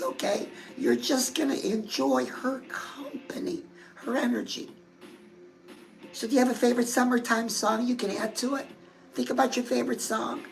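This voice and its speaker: A woman hosts a love and dating advice talk in a high, gravelly voice. She chats in a confiding way, as if to a close friend, while faint music plays underneath. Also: rough recording. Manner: chatty, confiding, addresses listeners as girl. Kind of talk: casual advice talk to viewers.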